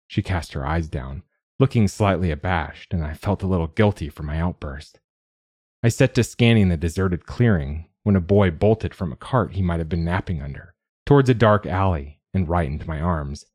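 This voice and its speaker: Deep, husky male audiobook narrator. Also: normal speed, a little mellow, no room sound, studio quality. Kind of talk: scripted first-person narration.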